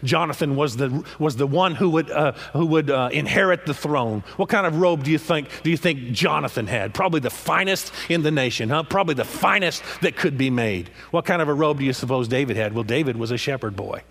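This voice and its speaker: A husky-voiced man preaching with rising passion. He circles back over his own phrases and keeps checking in with his listeners by asking "huh?" after each point. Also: fairly high pitch, animated, fairly quick, hardly any pauses, a bit bright. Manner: impassioned, repeats phrases and prods listeners with "huh?". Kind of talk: sermon.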